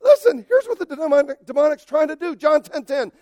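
A man preaching a sermon who speaks straight to his congregation, moving between quiet asides and loud, emphatic bursts. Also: extremely high pitch, quick pace, dry recording, studio quality. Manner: emphatic and animated, swinging between soft asides and loud outbursts; addresses the congregation directly and conversationally. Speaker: pastor.

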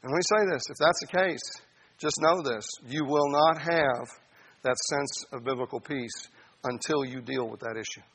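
A man preaching a sermon, animated, addressing his listeners as saints and acting out little voices. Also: mid-range voice, normal speed, husky. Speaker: pastor.

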